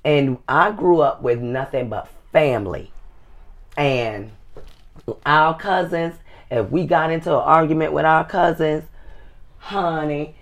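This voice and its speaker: A middle-aged woman co-hosting a casual advice show, folksy and calling people "honey". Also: low-pitched. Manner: folksy, says "honey" often, slow and drawn out. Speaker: co-host.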